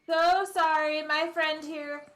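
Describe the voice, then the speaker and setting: A woman's voice: sits high, level tone, slow, crowd noise, voice pushed up. A woman voicing an apologetic woman adventurer in a put-on American Southern accent. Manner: overly polite and apologetic. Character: apologetic woman adventurer, smoothing things over.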